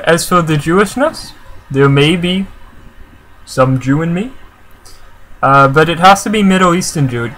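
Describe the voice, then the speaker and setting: A man's voice: a little high, fairly bright tone, rough recording. A man with a Canadian accent talks casually to camera, answering viewer comments in a chatty, rambling way full of fillers and restarts. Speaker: vlogger.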